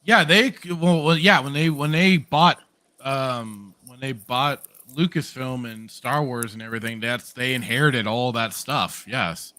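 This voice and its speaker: A man's voice: medium pitch, unhurried, pushed and bright, no room sound. A man co-hosting a podcast, rambling through a casual review chat with lots of fillers, restarts and laughs. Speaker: podcast co-host.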